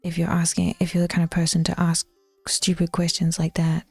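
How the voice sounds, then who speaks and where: A woman with a New Zealand accent chatting casually with her viewers as a Twitch streamer, bluntly teasing and slipping into soft whispered asides. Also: on the low side, monotone, brisk, gravelly, husky, no echo, soft background music.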